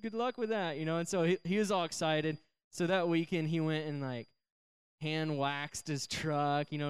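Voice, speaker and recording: Fairly high in pitch and clean in tone, this young man delivers a laid-back youth sermon to a live church gathering. As a youth pastor, he jokes and chats while telling a story, putting on goofy voices for the people in it.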